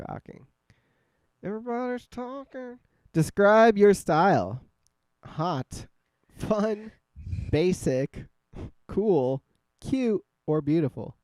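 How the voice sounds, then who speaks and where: A man hosts a casual podcast, joking and swearing easily. His voice is warm and dark with a smooth, clean tone. It is recorded close, with a dry sound. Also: high-pitched, animated, drawn-out words, pauses often, no room sound. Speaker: podcast host. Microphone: scarf-wrapped microphone.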